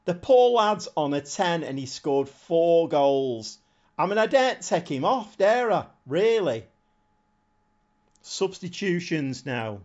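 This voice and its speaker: Excitable male streamer, fairly high voice, slightly muffled lo-fi mic, live match commentary. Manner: excitable, shouts at the screen. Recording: slightly dull lo-fi sound.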